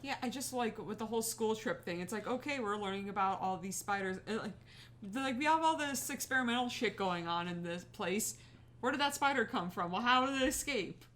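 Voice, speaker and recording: A woman co-hosting a podcast, chatting casually about a movie in a relaxed way with many fillers. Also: mid-range voice, a little fast. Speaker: podcast co-host. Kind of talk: casual movie review chat.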